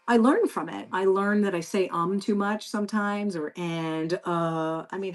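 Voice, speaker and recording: A woman's voice: mid-range voice, darkish tone. Effusive woman hosting a live stream. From Canada. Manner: effusive and encouraging, chatting directly to viewers. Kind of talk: casual live stream chat with viewers.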